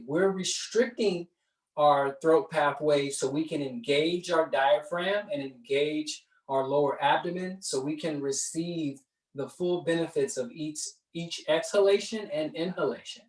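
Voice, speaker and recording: A male yoga and meditation instructor leads a guided breathing class at a slow pace, his fairly high voice sounding roomy and distant from the mic. He keeps it conversational, checking in with "right?".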